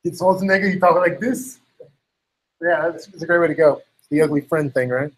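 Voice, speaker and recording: A man's voice: on the high side, quick pace, rough recording. A man in casual chat, rambling with lots of fillers and acting out quotes. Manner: rambling, heavy use of "like" and "you know"; acts out others' lines in quotes.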